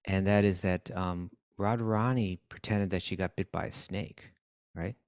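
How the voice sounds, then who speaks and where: A man co-hosting a talk show, telling a story in a loose, animated way with plenty of restarts. His voice sits low, and it is recorded dry and close. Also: moderate pace, smooth, dry recording. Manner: animated, many restarts and "you know"s. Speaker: podcast co-host. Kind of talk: casual storytelling chat.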